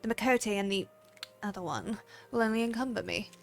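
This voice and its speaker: A woman voicing a cold, proud archer from a game who refuses company, read low and quiet. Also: fairly quick, lightly acted.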